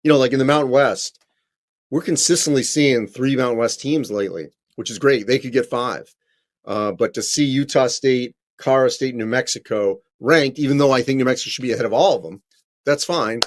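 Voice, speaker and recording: A man at a middle pitch talks through viewer questions on a live stream. His delivery is loose and conversational, with frequent ums and quick corrections of himself as he goes. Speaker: college basketball correspondent.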